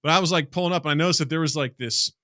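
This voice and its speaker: Bright-voiced man telling a dry podcast story. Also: on the high side, racing, dry recording. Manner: dry, deadpan storyteller with lots of profanity. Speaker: podcast co-host. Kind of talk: casual chat.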